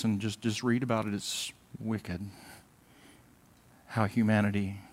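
A pastor with a fairly low, slightly rough male voice preaches a conversational sermon. He swings between loud, emphatic bursts and quiet asides, and now and then mimics whiny voices for a comic laugh.

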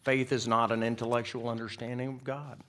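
A man preaching a sermon, swinging from loud, emphatic declarations to hushed, whispered lines. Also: medium pitch, level tone, brisk. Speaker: pastor.

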